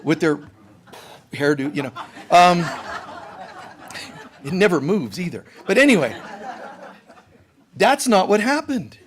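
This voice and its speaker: A middle-aged man giving a sermon as a spiritual teacher, telling stories in an animated way and acting out the quotes. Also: high voice, slow pace, pauses often.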